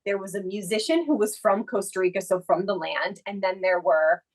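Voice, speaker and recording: On a roughly recorded podcast, a female co-host shares a personal story in casual, reflective chat, leaning heavily on the filler "like." She speaks at normal speed with a medium-pitched voice.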